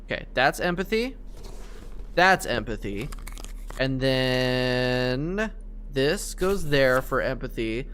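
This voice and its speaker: Animated young man streaming a game. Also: mid-range voice, slow, a little hiss or hum. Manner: reasoning aloud, excitable, many fillers. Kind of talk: playing a game live, thinking aloud.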